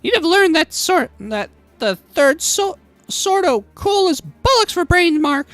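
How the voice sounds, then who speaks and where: A man voicing a sharp-tongued, scornful female rogue in a video game playthrough. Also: very high voice, sing-song, unhurried, no echo, soft background music, voice pushed up, heavily acted. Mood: mocking. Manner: mocking and cutting.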